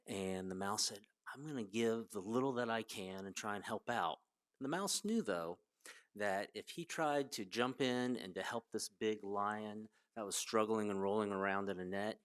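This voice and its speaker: Low-voiced man telling a children's fable. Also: fairly bright tone. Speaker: children's message speaker. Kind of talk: storytelling to children.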